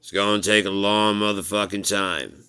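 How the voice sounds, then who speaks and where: A man talks in a loose, rambling monologue, swearing freely and laughing at his own jokes. His voice is very deep, yet bright and forceful, with a smooth, clear resonance. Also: steady tone, normal speed.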